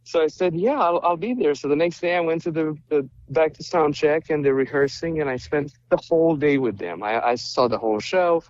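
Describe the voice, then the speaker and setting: A male musician from Romania chatting as a podcast guest, telling lively stories and acting out what people said. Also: on the high side, a little fast, few pauses, highs cut off. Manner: animated storyteller, acts out quoted dialogue. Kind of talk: casual interview chat.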